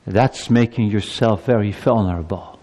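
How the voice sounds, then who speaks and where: A man preaching a sermon to his congregation. He builds to emphatic peaks, then drops low and slow. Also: mellow, big-room sound. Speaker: pastor.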